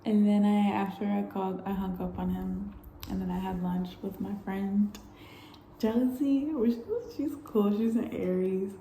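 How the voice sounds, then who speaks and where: Young woman vlogger, candid and animated, mellow timbre, echoey room with faint background hum. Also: medium pitch, unhurried, creaky. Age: young adult. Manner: candid, animated storytelling with frequent swearing and laughs. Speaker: travel vlogger. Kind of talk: casual storytelling vlog.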